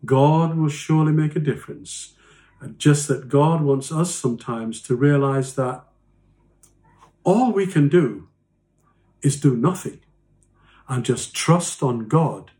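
A man preaching a sermon as pastor, slow and earnest, dropping soft and low on key phrases. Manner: slow, earnest preaching with mocking quoted voices.

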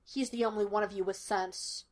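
A woman reading the lines of a gruff, exasperated male police detective in a fan fiction podfic. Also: mid-range voice, fairly even intonation, moderate pace, darkish tone, close to an everyday voice. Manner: curt and demanding.

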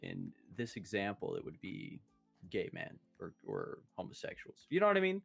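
Faint music plays behind this podcast co-host, a young man whose lowish voice swoops wildly in pitch at a moderate pace, gravelly with a breathy edge. Speaking with a slight lisp and no retainers, he rambles casually through crass jokes at his own expense.

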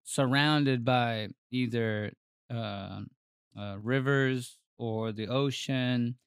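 A man in loose conversation, rambling and joking with lots of fillers and false starts. His voice is smooth and resonant, and it sounds close and dry with no room echo. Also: mid-range voice, very slow. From Florida. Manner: rambling, jokey, with frequent fillers and restarts. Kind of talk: casual chat.

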